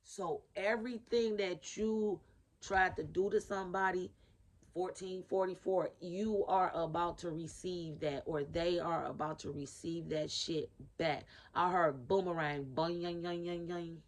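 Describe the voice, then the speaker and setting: A woman's voice: on the low side, steady tone, unhurried. A woman giving a casual spiritual reading to camera in a blunt, profane, emphatic way, repeating her key phrases. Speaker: spiritual reader.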